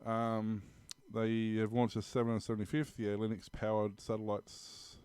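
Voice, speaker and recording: A man's voice: fairly low pitch, flat delivery, moderate pace, a little mellow, clear, resonant tone, no room sound. An Australian man co-hosting a tech news podcast, talking casually with many ums and restarts. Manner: rambling, many ums and restarts, laughs often. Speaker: podcast co-host.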